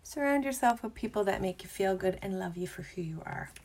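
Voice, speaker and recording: A bubbly young woman talks through a makeup tutorial in a casual, chatty way, and now and then her voice drops to a soft whisper. Her voice sits at an ordinary pitch for a woman and carries a noticeable gravelly fry. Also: expressive, brisk.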